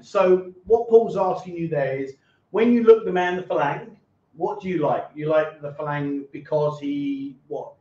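A man's voice: a little high, a little mellow. A man hosting a casual livestream chat show, reading out viewer donations and teasing his guests. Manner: jokey, teasing, repeats himself. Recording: echoey, dull livestream audio.

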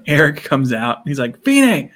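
A man's voice: mid-range voice, moderate pace, a bit bright. A man co-hosting a podcast, recapping a sitcom episode in casual chat and acting out characters' lines in playful voices. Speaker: podcast co-host.

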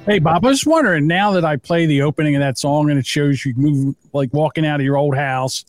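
A man's voice: on the high side, fairly quick, soft background music. A man co-hosting a podcast in casual, teasing banter, rambling and laughing at his own jokes. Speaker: podcast co-host.

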